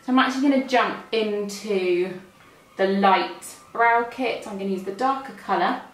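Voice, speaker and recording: A woman's voice: mid-range voice, normal speed. A woman with a British accent, a makeup artist chatting through each step as she works. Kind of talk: makeup demonstration. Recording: echoey room, mic a bit far.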